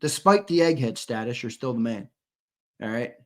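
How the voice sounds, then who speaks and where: A man's voice: mid-range voice, lively intonation, normal speed. A young man co-hosting a live fan show, chatting loosely with viewers, swearing and repeating his lines as he reads comments. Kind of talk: casual live-stream chat reading comments.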